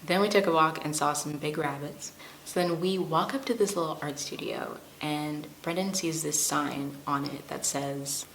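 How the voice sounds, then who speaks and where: Young woman vlog host, low voice, dry humor, echoey noisy room. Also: moderate pace. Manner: wry, deadpan humor with playful asides. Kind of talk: casual storytelling to camera. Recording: echoey room with background noise.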